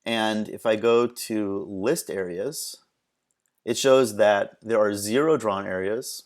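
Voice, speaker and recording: A man presenting a screen-recorded software tutorial, talking casually and haltingly with many ums and restarts. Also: lowish voice.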